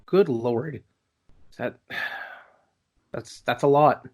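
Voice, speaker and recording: Young man, podcast host, casual chat, jokey, self-correcting, mid-pitched voice. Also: extremely slow.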